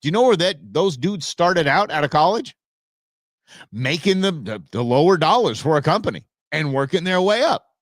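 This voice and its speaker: Man, talk show host, blunt ranting commentary, slightly raised pitch, dry close sound. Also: lively intonation, moderate pace, no echo. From Arizona. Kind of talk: opinionated solo commentary.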